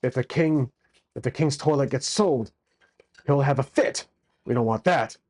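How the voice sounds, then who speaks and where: A man voicing a worried male castle guard who speaks in a hushed, anxious way. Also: medium pitch, normal speed, close to an everyday voice.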